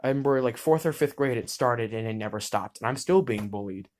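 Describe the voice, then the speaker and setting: A man's voice: medium pitch, brisk, a little mellow. A teenage boy in eleventh grade talking straight to camera about being bullied, blunt and heated, swearing freely and restarting words mid-sentence. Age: teens. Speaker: student vlogger. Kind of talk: impassioned personal monologue.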